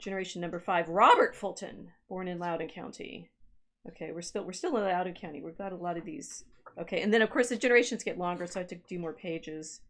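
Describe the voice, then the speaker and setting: A woman's voice: lowish voice, fast. Woman musing over family records. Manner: musing aloud while reading out family records. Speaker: podcast co-host and historian. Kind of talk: casual livestream chat.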